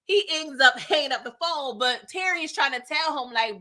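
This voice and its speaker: A woman hosting a live TV episode recap, talking in an animated, slangy, chatty way. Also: high voice, brisk, few pauses. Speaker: TV recap host.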